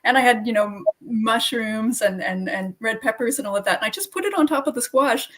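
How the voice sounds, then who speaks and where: A woman's voice: a little high, lively intonation, a little fast, fairly bright tone. A woman on a panel over a video call, sharing a story with enthusiasm and a laugh in her voice. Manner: enthusiastic, laughs while talking. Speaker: gardening tutor, panelist. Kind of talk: storytelling, casual chat.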